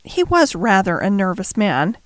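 A woman narrating a classic novel chapter in a measured storytelling manner. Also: medium pitch, big pitch swings, dry recording. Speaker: audiobook narrator. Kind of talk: scripted narration.

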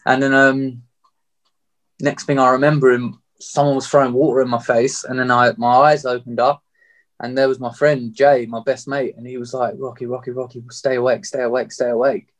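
A man's voice: mid-range voice, little pitch movement, moderate pace. Young man telling a story casually. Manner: loose and blunt, swears, leans on "like".

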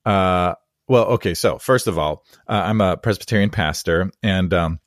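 Low-voiced rambling male podcast host. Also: moderate pace, dry recording, clean studio sound. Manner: rambling storyteller who acts out quotes and laughs easily. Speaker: podcast host and Presbyterian pastor. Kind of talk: conversational interview. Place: San Diego area.

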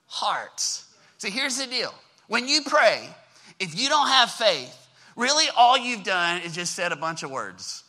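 A man's voice: extremely high pitch, bright, forceful tone, poor audio. A male pastor preaching a sermon with energy, drawing the congregation in with call-and-response prompts.

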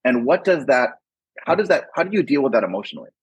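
A man's voice: mid-range voice, big pitch swings, quick pace, breathy edge, no echo, dull audio. A man hosting an interview who asks long, thoughtful questions and often restarts his sentences. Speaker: podcast host.

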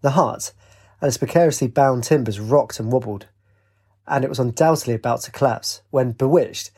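A man's voice: medium pitch, normal speed, husky. A man narrating a story aloud, changing his voice for the characters' dialogue. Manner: lively, puts on voices for dialogue. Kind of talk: audiobook reading with character voices.

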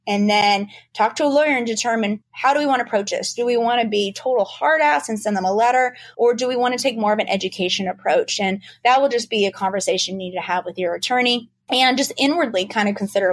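Fast-talking female trademark lawyer. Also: on the high side, dry recording. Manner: fast-talking, animated, explanatory. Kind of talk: casual podcast interview.

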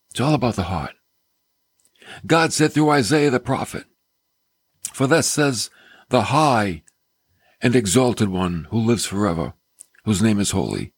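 Husky earnest male preacher. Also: medium pitch, no room sound. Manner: earnest, exclamatory, drops to soft near-whispers. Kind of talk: sermon.

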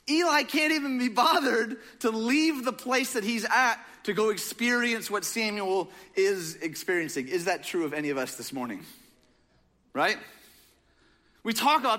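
A young man preaching a sermon in a casual, joking, animated storytelling manner. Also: high voice, moderate pace. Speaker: pastor.

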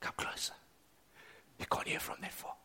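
A man voicing God in a gentle, coaxing whisper during a sermon, a whispered role-play. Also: moderate pace. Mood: hushed coaxing. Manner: hushed, drawing the listener close.

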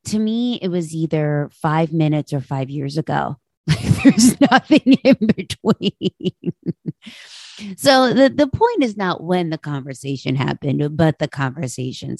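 A woman's voice: low voice, darkish tone, dry recording. A woman hosting a podcast, telling a personal story in a candid, reflective way and laughing easily. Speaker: podcast host.

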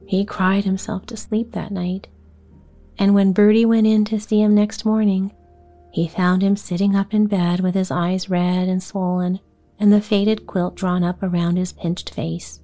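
A woman narrating a bedtime story for a sleep podcast in a hushed, slow, soothing voice. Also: lowish voice, steady tone, faint music behind. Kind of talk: whispered bedtime story reading.

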